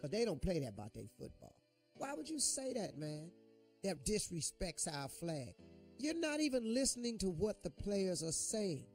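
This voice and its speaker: A middle-aged man, hosting a morning radio show and delivering impassioned, preachy commentary. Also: high-pitched.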